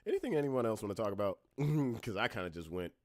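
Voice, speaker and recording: A man hosting a casual podcast, talking bluntly and with swearing, moving between calm talk and loud, heated ranting. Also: lowish voice, fast, no room sound, clean studio sound. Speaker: podcast host.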